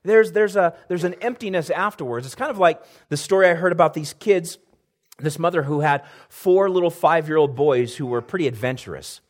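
A man preaching a sermon, earnest, building emphasis, pausing now and then to clear his throat. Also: fairly high pitch. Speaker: pastor.

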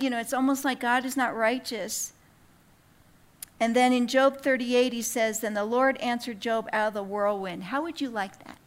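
A woman teaching a Bible study to women, talking casually with quick asides and then reading scripture out with emphasis. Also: on the high side.

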